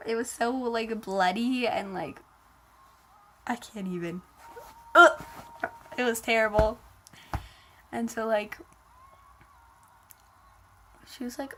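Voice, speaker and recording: A woman's voice: on the high side, normal speed, a bit bright. Chatty woman telling a dramatic story. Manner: filler-heavy, dramatic, emotional retelling. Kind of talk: casual personal storytelling.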